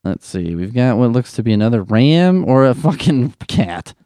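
Man, mid-pitched, sarcastic comic monologue with frequent swearing; dry, close recording. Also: big pitch swings, normal speed, mellow, dry recording. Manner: rambling, sarcastic, swears often. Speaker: comedian. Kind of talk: profane comedic riffing.

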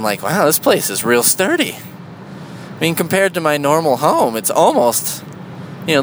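A man's voice: mid-range voice, a bit bright, a little hiss or hum, rough recording. A man doing stand-up comedy with a sarcastic, mocking, profane delivery.

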